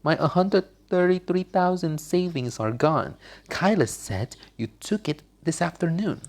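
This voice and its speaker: A man's voice: fairly high pitch, measured pace, voice pushed up. A man voicing a wronged wife in a game, speaking in a raised, upset way. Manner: upset, pleading. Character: stern grown woman, a wronged, tearful wife.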